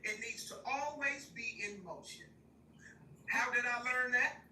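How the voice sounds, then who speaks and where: An older woman giving life advice on a livestream from a park, talking to her audience in a lively, folksy way with lots of laughter. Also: on the high side, a little slow, a little hiss or hum. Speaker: guest speaker. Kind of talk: casual livestream talk. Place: outdoors at a park. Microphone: phone held while walking. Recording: roomy, distant phone audio with faint ambience.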